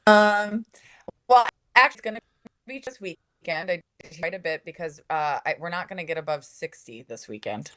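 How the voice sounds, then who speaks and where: A woman news anchor from Minnesota, chatting as a guest in a slightly low voice. She laughs often and keeps things friendly. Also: normal speed, a bit bright. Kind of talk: casual interview chat.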